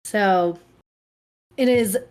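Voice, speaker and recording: Slow, dry-spoken woman podcast host. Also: medium pitch, a little mellow, clear, resonant tone. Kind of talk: casual chat.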